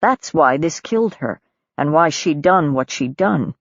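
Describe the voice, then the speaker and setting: A woman narrating a novel in a calm, measured reading. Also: low-pitched, dry recording. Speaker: audiobook narrator. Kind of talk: scripted narration. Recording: dull lo-fi audiobook recording.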